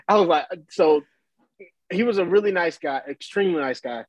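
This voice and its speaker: Young male ballplayer guest, husky and a bit high-pitched, lively storyteller with a dry sound. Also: fairly quick, dry recording. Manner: animated, acts out voices in his story, laughs often. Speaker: baseball player guest. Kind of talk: casual storytelling.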